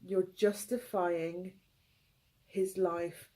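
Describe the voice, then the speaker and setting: A woman giving an intuitive tarot reading, tearful, speaking in gentle, halting phrases. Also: on the low side, flat delivery, poor audio. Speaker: tarot reader.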